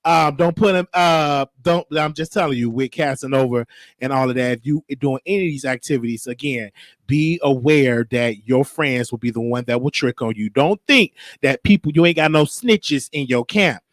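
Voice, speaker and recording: A man hosting a casual commentary show with a Chicago accent, talking animatedly and jumping into shrill voices for quotes. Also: moderate pace, no echo, studio quality. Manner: animated, shifts into high shrieking voices for quotes. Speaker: show host.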